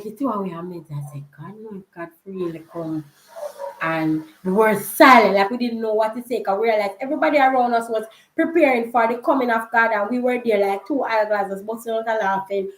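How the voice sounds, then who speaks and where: A young Jamaican woman telling a story in a casual vlog, chatty and quick to laugh, slipping into patois. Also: fairly high pitch. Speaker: vlogger. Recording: roomy echo.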